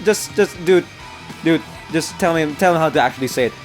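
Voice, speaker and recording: An American man chats over a racing game, his pitch leaping up and down as he laughs and restarts his sentences. Soft game music plays faintly behind him. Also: a little fast. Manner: animated, laughs often, trips over restarts. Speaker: let's play gamer. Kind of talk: casual gameplay commentary.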